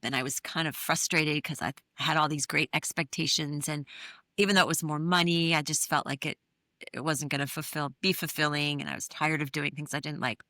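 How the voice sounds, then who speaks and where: Bright-voiced middle-aged woman telling her story. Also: low-pitched, no echo, clean studio sound. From New England. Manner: earnest, candid, many fillers. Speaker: interview guest, therapist and author. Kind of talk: reflective storytelling in an interview.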